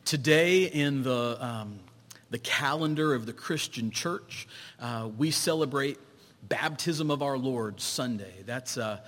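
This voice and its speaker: A man, a pastor, preaching a sermon, telling stories and swinging between loud exclamations and hushed low tones. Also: slow, in a large hall.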